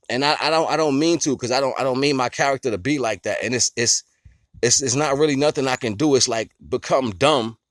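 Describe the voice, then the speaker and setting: Sharing his life philosophy, a male vlogger with a medium-pitched voice rambles casually, chuckling often and leaning on simple everyday comparisons plus a constant "you know what I'm saying." It's studio quality, with no echo.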